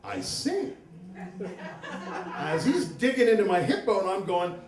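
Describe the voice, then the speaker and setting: A man's voice: sits high, very animated, slow, crowd noise. Man telling a wry story in an echoey hall. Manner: wry, self-mocking humor. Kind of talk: live comic storytelling. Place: stage in a hall, live audience. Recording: roomy hall, mic from far off.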